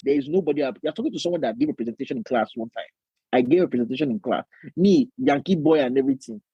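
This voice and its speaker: Animated Nigerian man, husky lively voice. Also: mid-range voice, racing, no echo, muffled recording. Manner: animated, acts out voices, laughs often. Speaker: podcast co-host. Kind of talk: casual chat.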